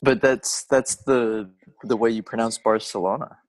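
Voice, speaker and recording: A man co-hosting a podcast, chatting casually and telling rambling stories with halting restarts. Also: medium pitch, fairly even intonation, dry recording. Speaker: podcast co-host. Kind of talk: casual chat.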